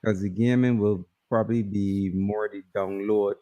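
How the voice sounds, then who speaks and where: A man co-hosting a live stream, chatting casually in a calm, explanatory way and agreeing often. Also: fairly low pitch, normal speed, no echo. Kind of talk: casual chat reacting to a video.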